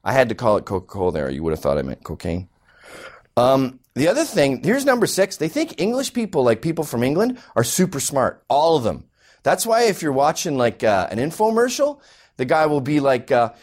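A man's voice: medium pitch, wildly swooping pitch, brisk, darkish tone. A Canadian man doing an exasperated, mocking stand-up rant. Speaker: comedian.

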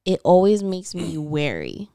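A woman's voice: fairly low pitch, sing-song, a little slow, dark tone, clear, resonant tone, no room sound, studio quality. A woman in casual film chat with co-hosts, rambling, laughing often and swearing offhand. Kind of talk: casual chat about films.

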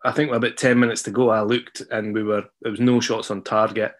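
Low-voiced football fan. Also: male voice, little pitch movement. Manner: measured, hesitant analysis. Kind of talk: casual podcast chat.

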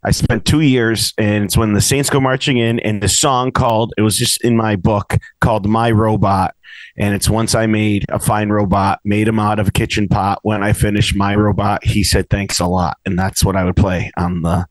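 A man's voice: fairly low pitch, level tone, normal speed, dry recording. A man from Massachusetts co-hosting a casual podcast chat, teasing and joking with his friend. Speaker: podcast co-host.

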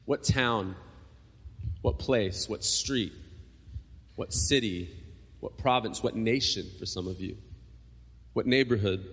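Man, preacher, conversational sermon, lots of ums and restarts, mid-pitched voice, long hall reverb. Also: a bit bright. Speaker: pastor.

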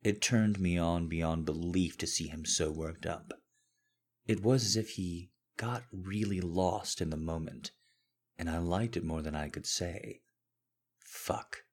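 A man narrating a story in the first person with a very deep, husky voice. He takes his time with each line, unhurried and commanding, and keeps a low, steady delivery. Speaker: audiobook narrator.

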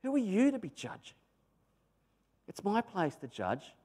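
A man voicing God as a patient, firm presence who asks measured, reproving questions. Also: high voice, wildly swooping pitch, darkish tone, voice pushed up, heavily acted. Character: patient, firm divine male voice, gently reproving.

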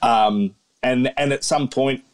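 An Australian man co-hosting a sports podcast on a phone, talking in a measured, reasoning way. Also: medium pitch, a little hiss or hum. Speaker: podcast co-host. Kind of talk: casual sports podcast chat.

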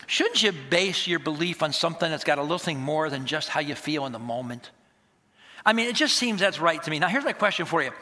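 A male pastor preaching an emphatic, animated sermon and acting out conversations. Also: on the high side, a little fast. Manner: animated, emphatic, acts out dialogues.

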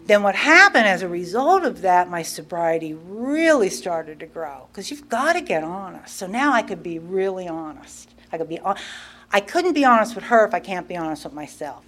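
A middle-aged woman sharing her recovery story in a casual, animated way, acting out quoted dialogue and laughing often. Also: fairly low pitch. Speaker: guest speaker.

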